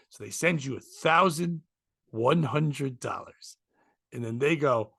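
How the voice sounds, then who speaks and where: A man's voice: a little high, lively intonation, moderate pace, gravelly, bright, forceful tone, no room sound. A man co-hosting a podcast, telling a long rambling story in casual comedic chat. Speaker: podcast co-host.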